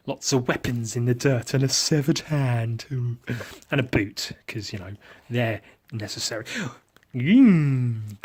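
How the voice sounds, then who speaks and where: Husky and mid-range, this man's voice carries a playful podcast narration full of profanity and mouth-made sound effects; he hosts the show and paints miniatures.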